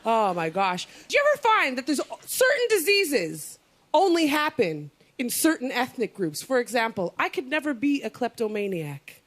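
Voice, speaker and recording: A woman from North America, speaking at a normal pace with a fairly high voice and large pitch swings, does a punchy, bawdy comedy set on stage. She bursts into exaggerated impressions as the live studio audience laughs and makes loud noise.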